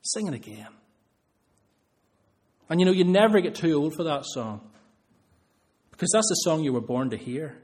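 A man's voice: a little high, lively intonation, brisk, darkish tone. A man preaching a sermon, earnest, building emphasis through repeated phrases.

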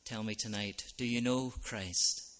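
A man preaching an evangelistic sermon as a minister, earnest, dropping to soft lines and rising to loud ones. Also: lowish voice, fairly even intonation, unhurried.

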